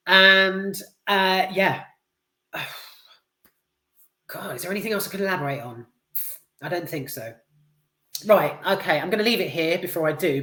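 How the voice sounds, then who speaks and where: A man's voice: fairly high pitch, fairly bright tone. Rambling British man in a roomy echo. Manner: rambling and candid, swears freely, many fillers. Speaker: film reviewer. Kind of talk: casual spoken film review.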